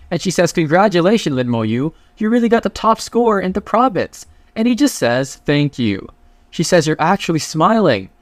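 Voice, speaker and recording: This manhwa recap narrator has a fairly high-pitched voice, recorded with no room sound. He retells the comic's story in a casual, chatty way full of slang, voicing the characters' dialogue along the way.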